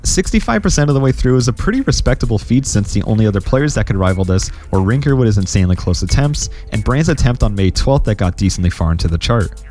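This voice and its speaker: A man narrating a scripted gaming history video in a steady, explanatory way. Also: fairly low pitch, fast talker, soft background music.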